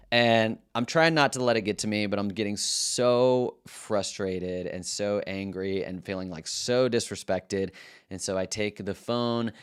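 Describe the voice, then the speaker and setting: A man's voice: on the low side, clean tone. A man who teaches middle school, telling stories in casual talk to camera, earnest and reflective, often restarting his sentences.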